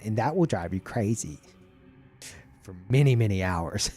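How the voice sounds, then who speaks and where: A man streamer chatting casually about a video game, animated and profane, laughing often. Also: lowish voice, measured pace, soft background music.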